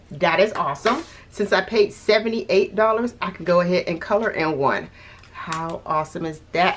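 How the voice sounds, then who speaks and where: There's slight background noise as a woman with a lowish, somewhat bright voice vlogs about paying off her debt. This budgeting vlogger's casual talk to camera is full of thinking aloud, restarts, little laughs, and a few hiccups.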